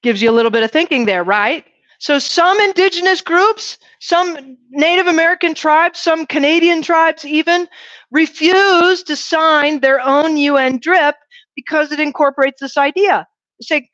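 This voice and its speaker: High-voiced woman lecturing a class. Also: normal speed, no room sound. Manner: keeps asking "right?" to check in with students; lively, poses questions to the class. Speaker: university lecturer. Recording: dull, dry classroom recording.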